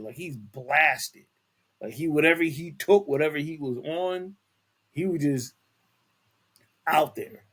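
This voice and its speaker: A man hosting a casual celebrity news podcast, talking in a rambling way with many restarts and fillers. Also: a little high. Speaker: podcast host.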